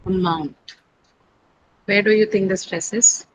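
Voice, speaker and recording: Woman English teacher, online class; methodical, question-and-answer delivery, repeats key words, steady hiss behind. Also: mid-range voice, normal speed. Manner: explains step by step, asks questions then answers them. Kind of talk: online pronunciation lesson. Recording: steady background noise.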